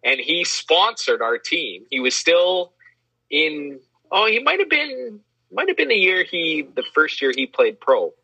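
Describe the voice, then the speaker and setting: A man in casual chat, telling lively, self-deprecating stories with a husky voice. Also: on the high side, a little slow, dry recording, highs cut off. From Western Canada. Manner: animated, self-deprecating storyteller.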